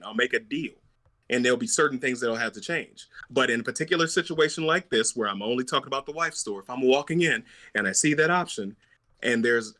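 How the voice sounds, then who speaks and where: Emphatic young man, bright voice. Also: mid-range voice. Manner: emphatic, opinionated, repeats himself. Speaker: podcast co-host. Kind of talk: casual debate chat.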